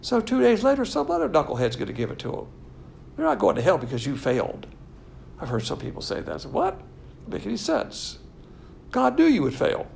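Male preacher, casual sermon, gravelly voice, faint noise behind. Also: high-pitched, quick pace. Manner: animated, jokey, mimics imagined people in quoted voices.

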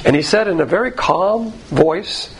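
A man's voice: sits high, animated, a little slow, background noise. A man preaching a sermon as pastor, talking in a conversational, emphatic way and asking many rhetorical questions.

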